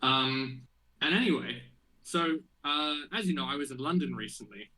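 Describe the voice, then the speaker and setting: Bright-voiced man telling a lively story. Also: medium pitch, normal speed, rough recording. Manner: animated storytelling with many fillers. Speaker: podcast co-host. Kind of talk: casual chat.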